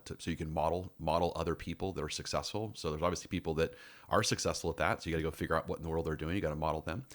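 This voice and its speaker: Middle-aged male podcast host, very low voice, relaxed and halting delivery. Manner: halting, lots of restarts and fillers. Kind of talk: casual chat.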